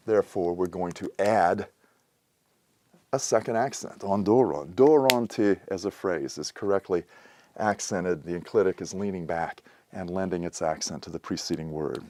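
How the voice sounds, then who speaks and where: A man calmly explaining a grammar lesson in a methodical, patient way, with a few fillers. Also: deep voice. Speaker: teacher. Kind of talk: explanatory lecture.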